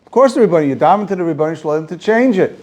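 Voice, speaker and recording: A man teaching a Torah class as a rabbi, animated and rhetorical, asking questions and repeating phrases for emphasis. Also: on the high side, rapid-fire. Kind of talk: Torah lecture to students.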